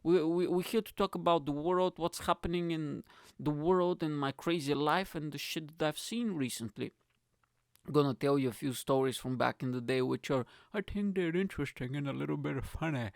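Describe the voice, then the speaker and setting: Male comedian, solo podcast, gravelly voice, dry close sound, rambling, sweary, jumpy pitch. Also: moderate pace, dry recording. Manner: loud, rambling and heavily profane, with sudden jumps in pitch. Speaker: podcast host and stand-up comedian.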